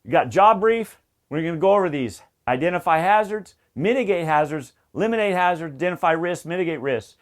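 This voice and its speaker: A man with a drawl teaches lineworker safety in a high-pitched voice. He talks emphatically, like a coach, and hammers key points home by repeating them. He sounds middle-aged. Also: lively intonation, a little fast. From Southern United States. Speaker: safety instructor. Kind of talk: energetic safety training talk.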